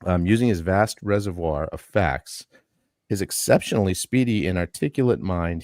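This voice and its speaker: A man's voice: lowish voice, darkish tone, no room sound, clean studio sound. A man hosting a live-stream talk show, reading a statement aloud in an earnest way and adding his own asides. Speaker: podcast host.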